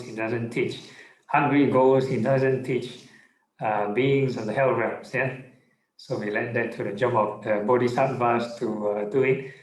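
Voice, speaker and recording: A man, a monk, giving a relaxed Buddhist Dhamma talk online, with many fillers and checking in with "yeah?". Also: medium pitch, roomy sound, low-quality recording. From Singapore. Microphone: online video call.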